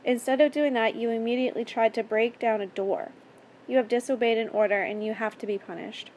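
A woman reading a story aloud and voicing a menacing adult man who speaks in a measured, controlled way. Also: fairly high pitch, steady tone, darkish tone, slight background noise, natural voice, poor audio. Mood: cold calm. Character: calm, menacing adult male captor.

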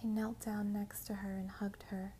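A woman reading a first-person story aloud in a soft, mostly whispered narration. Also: medium pitch, little pitch movement, normal speed, slight background noise.

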